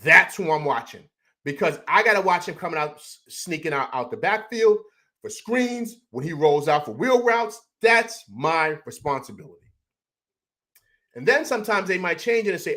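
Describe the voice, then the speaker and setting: A man hosting a postgame football show rants about the game in a heated, rambling way, tripping over repeated words. His voice sits a bit high for a man and swings up and down a lot as he talks. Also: lively intonation, normal speed, sharp tone. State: upset after a loss. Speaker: sports show host. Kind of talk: emotional postgame sports rant.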